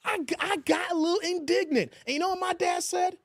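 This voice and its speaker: A man hosting a casual live stream, talking in an animated, joking way and mimicking other voices. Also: very high voice, brisk, creaky, few pauses, no room sound, studio quality. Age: 40s. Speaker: YouTube commentary host.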